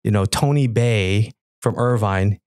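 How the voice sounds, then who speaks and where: A man's voice: unhurried, clear, resonant tone, no echo, clean studio sound. A middle-aged man, a guest on a podcast, telling stories and acting out old conversations. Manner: animated, acts out past dialogue with lively pitch jumps. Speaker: guest, worship musician. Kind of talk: casual storytelling interview.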